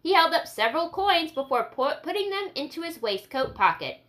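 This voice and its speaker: A woman narrating a historical story aloud in an expressive storytelling manner. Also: extremely high pitch, fairly quick, rough recording. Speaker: audiobook narrator. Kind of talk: scripted narration.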